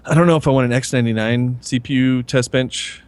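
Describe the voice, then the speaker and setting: A man's voice: mid-range voice, fairly even intonation, fairly quick, smooth. A man appearing as a guest on a casual tech podcast, reacting easily and laughing often.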